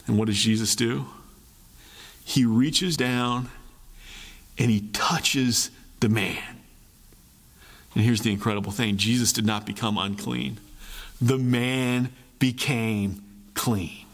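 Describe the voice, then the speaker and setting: A man preaching a sermon, animated, repeating phrases for emphasis and acting out voices. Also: medium pitch, takes it slowly, big-room sound. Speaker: pastor.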